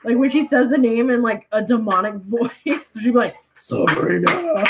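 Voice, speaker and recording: A woman's voice: on the high side, normal speed. A woman hosting a crochet livestream from home, chatting casually with viewers, reading their comments aloud and laughing often. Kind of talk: casual chat with live viewers. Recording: loud clicking noise over the voice.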